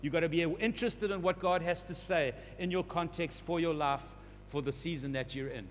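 High-voiced man preaching in a reverberant hall. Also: brisk. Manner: builds to louder, urgent emphasis, repeating phrases. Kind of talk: sermon. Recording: long hall reverb, faint hum.

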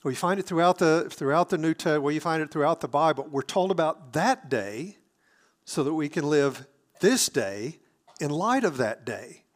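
A man's voice: on the high side, expressive, moderate pace. A man preaching a sermon, explaining scripture earnestly, often restarting his phrases.

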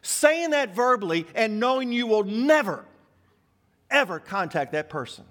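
A male pastor preaching a sermon, with rhetorical questions and words dropped low for emphasis. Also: very animated, measured pace, fairly bright tone.

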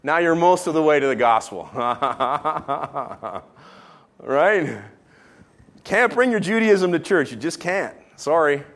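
A man raised in Israel delivers a sermon in a fairly high voice. He preaches in an animated, joking way, jumping from loud emphasis to hushed, quiet asides. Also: takes it slowly. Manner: animated, jokey preaching with sudden quiet drops. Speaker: pastor.

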